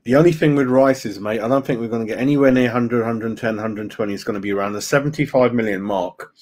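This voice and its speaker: A man with a mid-range, darkish voice talks at a quick pace while hosting a live football fan stream. Chatty and friendly, he reads the chat aloud as he goes and calls his viewers mate.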